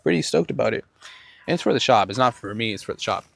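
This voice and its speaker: A man's voice: medium pitch, animated, fast, gravelly, a bit bright. A man hosting his own podcast, telling a rambling, profane story in a casual monologue. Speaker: podcast host.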